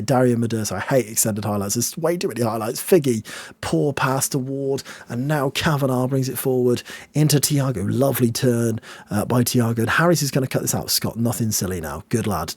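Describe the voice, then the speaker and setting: A young man narrates a football management game. His husky voice sits at an ordinary pitch, recorded close and dry. He lurches from anxious near-whispers to loud, delighted outbursts. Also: brisk, dry recording. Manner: excitable, swings between hushed nerves and loud outbursts. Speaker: game streamer. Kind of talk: video game commentary.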